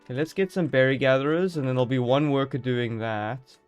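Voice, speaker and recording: A man's voice: medium pitch, brisk, clear, resonant tone, soft background music. A man streaming a game live, chatting casually and joking as he thinks aloud.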